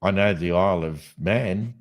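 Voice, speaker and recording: An Australian man hosting a casual late-night podcast, rambling and joking as he thinks out loud. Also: sits low, normal speed. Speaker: podcast host.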